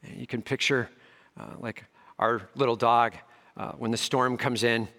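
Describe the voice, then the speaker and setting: A man preaching a sermon who swings between emphatic raised passages and hushed soft ones, with casual slangy asides. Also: medium pitch, fairly even intonation, a little slow, gravelly. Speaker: pastor. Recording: long hall reverb.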